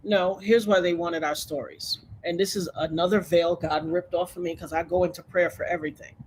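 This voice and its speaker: A woman's voice: fairly low pitch, steady tone, brisk, darkish tone, slight background noise. A woman guest in an interview, talking in an outspoken, emphatic way. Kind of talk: animated interview talk.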